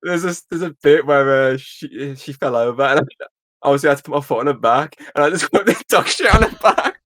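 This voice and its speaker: A man's voice: on the high side, lively intonation, fairly quick, fairly bright tone, dry recording. Young guy podcast host, chatty film recap, dry room sound, laughs a lot. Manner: retells scenes with quoted voices and laughs. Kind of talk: casual film breakdown chat.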